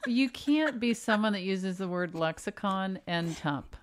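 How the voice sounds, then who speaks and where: A middle-aged woman co-hosting a casual podcast with a dry, deadpan humor. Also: medium pitch, unhurried, a little hiss or hum. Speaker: podcast co-host.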